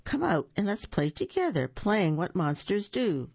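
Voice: mid-range voice, huge pitch swings, unhurried, vocal fry, a little mellow, breathy edge, dry recording, pitched above the performer's own voice, full character voice. A storyteller voicing a kind, cheerful monster boy who coaxes a friend out to play, on a dull lo-fi recording. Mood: friendly. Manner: coaxing, cheerful.

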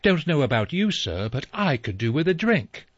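Guy voicing a breezy young posh guy, higher voice, dry audio. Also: sing-song, normal speed, husky, no echo. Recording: slightly dull dry recording.

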